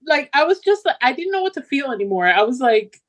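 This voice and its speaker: A woman in casual book chat, lively and laughing as she acts out her reactions. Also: sits high, fast talker. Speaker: book club member.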